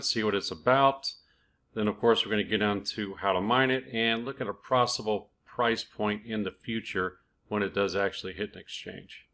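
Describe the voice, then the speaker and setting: A man with a slightly low voice hosts his own cryptocurrency video channel. He talks in a relaxed, chatty way, dropping in "uh" and "um" and correcting himself as he goes, and mixes loose explanation with passages read from a page. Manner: relaxed, conversational, with filler "uh" and "um" and self-corrections. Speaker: crypto YouTube channel host. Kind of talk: casual explainer, reading from a project page.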